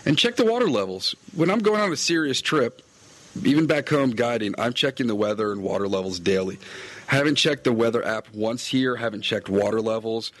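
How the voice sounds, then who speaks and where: A man's voice: mid-range voice, expressive, fairly quick, fairly bright tone, no echo. A middle-aged man, a fly-fishing podcaster and guide, recapping his day in a chatty, meandering way, recorded outdoors. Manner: chatty, meandering, self-correcting. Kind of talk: casual rambling recap.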